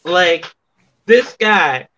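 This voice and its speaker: A man's voice: high-pitched, lively intonation, drawn-out words, pushed and bright. A man being interviewed about wrestling, telling stories in a casual style and acting out what others said in raised voices, swearing freely. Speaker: wrestler guest.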